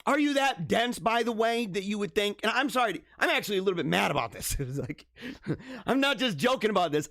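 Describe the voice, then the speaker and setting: Animated, high-voiced man ranting. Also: fairly quick, no room sound, studio quality. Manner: animated, mock-outraged rants with laughter. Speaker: livestream host. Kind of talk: casual livestream commentary.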